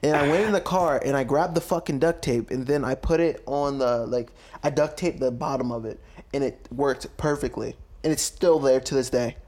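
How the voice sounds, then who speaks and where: A man's voice: mid-range voice, moderate pace, a little mellow. A young man co-hosting a podcast, joking and laughing often in casual, profane chat. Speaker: podcast co-host.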